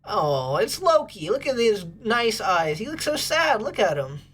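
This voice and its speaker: Woman livestream host, casual and bubbly, with a very lively pitch. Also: a little slow, husky. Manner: bubbly, gushes over pets and thanks chat.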